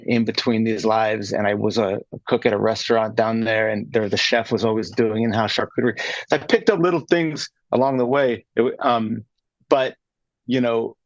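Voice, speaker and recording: A man's voice: mid-range voice, no echo, lo-fi sound. Rambling man telling his story. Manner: rambling, many restarts and fillers. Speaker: guest, charcuterie maker. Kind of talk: casual interview storytelling. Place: radio studio.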